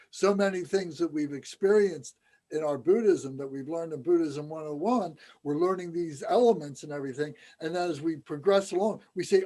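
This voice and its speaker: Man, fairly high voice, casual teacher who breaks into chanting syllables. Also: a little mellow. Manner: conversational, self-deprecating, slips into chanting syllables. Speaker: dharma teacher. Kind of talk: informal teaching with chanted recitation.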